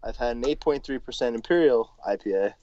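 A man's voice: mid-range voice, fairly quick, no room sound. Canadian man talking casually on a dull, dry line. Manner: relaxed, explains patiently with frequent fillers. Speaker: podcast guest, brewer. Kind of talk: casual chat. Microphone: phone call.

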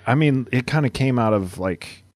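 As podcast co-host, this man rambles through casual chat padded with lots of filler words. His mid-range voice is a little mellow with lively intonation and a moderate pace, in clean studio sound without room echo.

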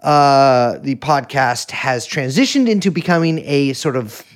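A man's voice: mid-range voice, expressive, a little slow. A man co-hosting a podcast, goofy and playful, joking and swearing in loose banter. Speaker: podcast co-host.

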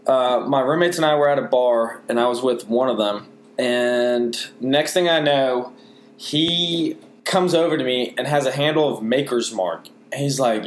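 A young man, co-host of a casual talk show, telling a story with animated quotes and swearing. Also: medium pitch, normal speed. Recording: echoey room with faint hiss.

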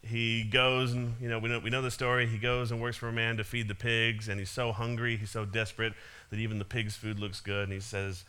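A man's voice: on the low side, flat delivery, brisk, few pauses, sharp tone, clean tone. A man giving a casual sermon, retelling a parable with frequent small laughs and restarts. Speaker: preacher.

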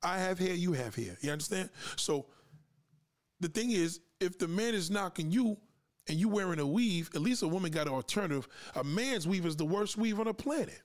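A man's voice: high voice, lively intonation, brisk. A man hosting a live podcast, lecturing his listeners in a confrontational, profane rant and daring them to push back. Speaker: podcast host.

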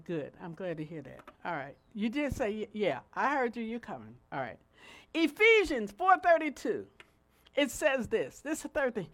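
A middle-aged woman preaching a sermon in a lively, conversational way, swinging between loud and soft. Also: high voice.

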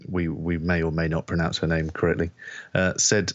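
A deep-voiced man co-hosting a podcast, giving measured, earnest commentary. The recording is dry and slightly dull, with no room echo. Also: flat delivery. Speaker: podcast co-host. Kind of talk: casual chat.

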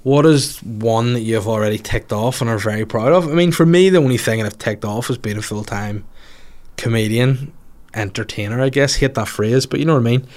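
A man's voice: medium pitch, fairly quick, a little mellow. A man, a comedian chatting casually on his podcast, rambling and swearing through jokey asides. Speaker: comedian podcaster answering listener questions. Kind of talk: casual solo podcast chat.

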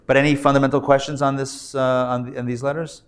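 A man, a rabbi, teaching a live Hebrew reading class, sounding out syllables slowly and patiently checking that his students follow. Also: medium pitch, little pitch movement, smooth. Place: classroom before a live audience.

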